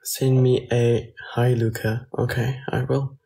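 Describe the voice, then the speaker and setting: A man's voice: medium pitch, level tone, takes it slowly, creaky, warm tone. A young man with a Belgian French accent, reading viewer comments aloud on a phone live stream and answering them casually in English and French.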